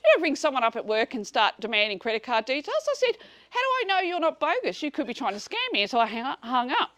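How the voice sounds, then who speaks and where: A woman in her sixties telling a group about her dispute, blunt and animated, swearing freely and acting out conversations. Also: on the high side, quick pace, no room sound. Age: 60s. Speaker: speaker at a community meeting. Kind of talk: casual storytelling to a live group.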